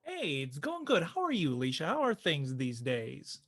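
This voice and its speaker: A woman's voice: deep voice, wildly swooping pitch, normal speed. A woman co-hosting a live improv show, chatty and upbeat as she reads out suggestions. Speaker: co-host reading chat suggestions.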